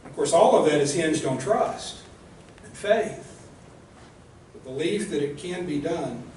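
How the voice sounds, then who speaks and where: Male minister, earnest and direct sermon delivery, slightly high voice, heavy room echo, mic a bit distant. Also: lively intonation, measured pace, darkish tone, slight background noise. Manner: earnest, direct, asks rhetorical questions. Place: church sanctuary.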